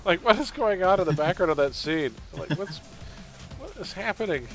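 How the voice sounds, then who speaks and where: A man's voice: high-pitched, moderate pace, faint music behind, low-quality recording. A man streaming a game, chatting casually and laughing as he talks about old movies. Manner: chatty, laughs often, animated movie talk. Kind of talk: casual chat while gaming.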